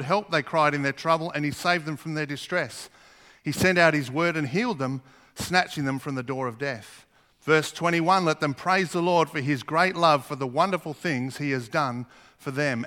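Bright-voiced preacher man in a reverberant hall. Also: a little high. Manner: earnest, asks the congregation questions. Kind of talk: sermon.

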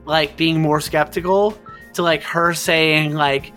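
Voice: mid-range voice, steady tone, takes it slowly, fairly bright tone, faint music behind. Casual game master narrating scenes. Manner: casual, filler-heavy narration.

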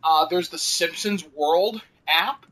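A man's voice: on the high side, slow pace, sharp tone, rough recording. A man hosting a casual podcast chat, rambling, laughing often and swearing casually.

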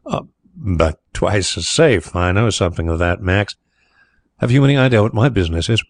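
A man's voice: on the low side, lively intonation, normal speed. A man reading the part of an outspoken former solicitor who now runs a private inquiry agency. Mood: blunt. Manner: blunt, sometimes hot-tempered. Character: brisk, outspoken former lawyer turned inquiry agent. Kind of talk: audiobook character reading.

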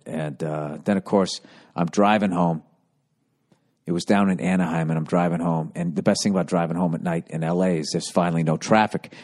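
Middle-aged guy ranting on his podcast, swears constantly, pokes fun at himself. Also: low voice. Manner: profane, ranting, self-deprecating. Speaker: comedian and podcast host. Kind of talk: casual monologue.

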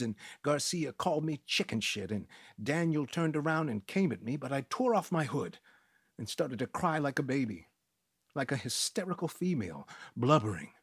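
Husky guy reading a story aloud, lively up and down pitch, dry close sound. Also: normal speed, no room sound. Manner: expressive storytelling. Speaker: audiobook narrator. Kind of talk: scripted first-person narration.

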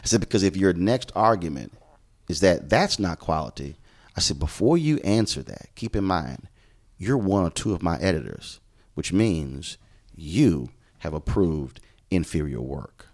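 Speaking in a deep, low register at an unhurried pace, a middle-aged man from Houston, Texas, tells stories from his career as a journalist and show host. As a podcast guest, he's animated and emphatic, his pitch swinging widely as he performs the lines of people he quotes.

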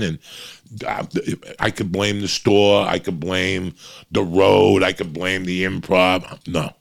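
Deep gravelly man, blunt and profane. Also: no room sound. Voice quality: wheezy. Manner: blunt, heavy swearing, rambling and confessional. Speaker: podcast host. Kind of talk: candid podcast monologue. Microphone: podcast microphone.

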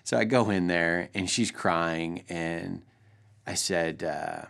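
A man in his thirties, a pastor, telling a family story in an earnest, gentle way for a short devotional. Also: deep voice, slow pace, vocal fry.

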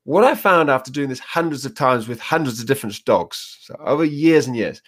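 A man's voice: mid-range voice, lively intonation, a little fast, fairly bright tone. A man, a dog trainer being interviewed, telling stories and acting out little scenes. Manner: storytelling, acts out little quoted scenes. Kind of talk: casual interview talk.

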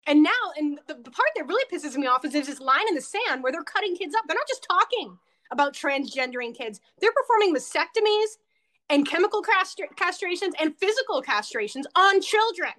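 Fired-up woman, high voice, cusses a lot, blunt as hell. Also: big pitch swings, a little fast, sharp tone. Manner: blunt, heated, swears freely. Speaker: political candidate, guest. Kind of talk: casual interview.

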